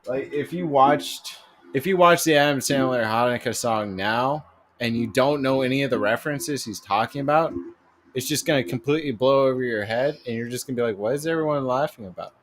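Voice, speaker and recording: A man's voice: medium pitch, brisk, slight background noise. A young man co-hosting a podcast in casual chat, rambling with lots of fillers and cursing. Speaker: podcast co-host.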